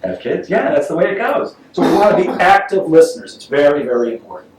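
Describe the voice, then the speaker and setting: A man gives a lively, joking seminar talk, slipping into voices for his stories, and his voice sits a bit high for a man. He sounds as if he is picked up from across a roomy meeting room, with a faint hiss behind him. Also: fast. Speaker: sales trainer giving a talk. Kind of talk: live seminar talk to an audience. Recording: roomy, distant mic with faint noise.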